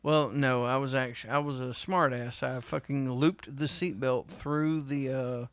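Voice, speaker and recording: A man co-hosting a podcast, telling stories in a foul-mouthed, animated way. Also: medium pitch, unhurried, no echo. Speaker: co-host. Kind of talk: casual podcast banter.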